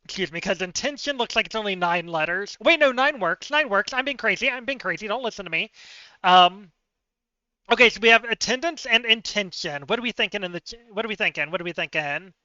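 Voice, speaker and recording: On a live stream, a man with a high, piercing, very bright voice works through word puzzles, thinking aloud in a chatty, self-mocking way. He sounds expressive and fairly quick, his voice smooth, clean, close and dry with no room sound, though the audio is slightly dull and lo-fi.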